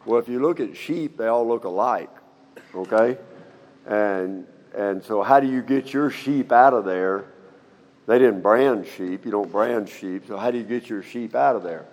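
A man's voice: on the low side, unhurried, darkish tone. A middle-aged man teaching the Bible in a folksy, conversational way, often checking in with "okay?". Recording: long hall reverb.

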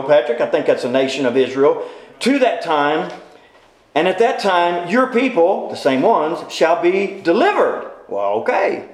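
A man teaching a Bible class, folksy and informal, quizzing his listeners with repeated questions. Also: fairly high pitch. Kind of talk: interactive Bible class lecture. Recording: very echoey room.

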